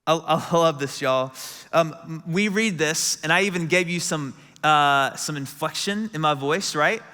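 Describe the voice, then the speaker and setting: Young male preacher, bright and high, chatty with fillers, in a large church auditorium. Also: a little slow, clean tone. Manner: chatty, lots of "like" fillers, calls out to the room. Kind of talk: casual sermon. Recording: long reverb from a big hall.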